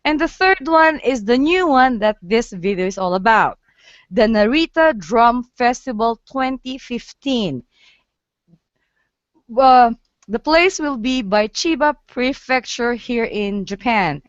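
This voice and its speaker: A woman's voice: fairly high pitch, lively intonation, a little slow, no room sound, lo-fi sound. A woman hosting a live online chat, talking chattily with fillers and lots of giggles. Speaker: host of a live photo-walk stream. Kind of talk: casual group chat. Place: Japan.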